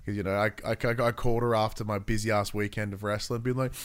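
A man, hosting a casual gaming chat, animated and quick with swearing and asides. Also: on the low side, clean tone. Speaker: gaming podcast host.

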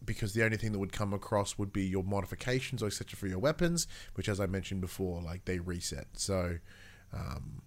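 Animated man hosting a gaming chat. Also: low-pitched. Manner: animated, swearing, fast asides. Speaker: gaming podcast host. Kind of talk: casual chat.

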